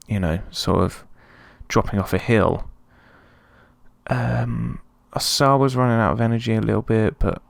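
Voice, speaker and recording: A man talks through his football management game in a relaxed, chatty way, breaking into excited yelps when something happens. His voice sits low with a gravelly edge. The sound is dry and close, with no room around it. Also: no echo. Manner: excitable, chatty, swings between calm and yelps. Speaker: let's play host. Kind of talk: casual gameplay commentary.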